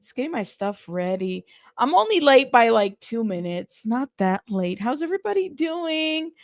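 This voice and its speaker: A woman's voice: on the high side, very animated, moderate pace, no room sound, clean studio sound. A woman hosting a casual news livestream, chatty and greeting her viewers one by one by name.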